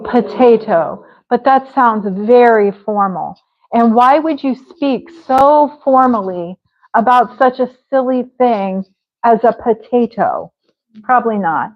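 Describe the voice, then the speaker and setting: American woman teaching english live, slow and encouraging, kinda high voice, muffled audio. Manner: encouraging, slows to sound out words. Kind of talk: live pronunciation class. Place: online class.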